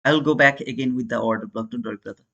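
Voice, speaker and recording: He's a day trader with an Indian accent hosting a live trading stream, chatting casually with viewers, calling them brother, and responding to chat. His mid-range voice is quick, gravelly, pushed and bright, and the recording is muffled.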